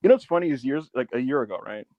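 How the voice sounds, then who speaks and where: A man's voice: medium pitch, expressive, rapid-fire, no echo, highs cut off. A man co-hosting a casual podcast, telling a wrestling story with feeling, swearing and acting out the quotes. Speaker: podcast co-host.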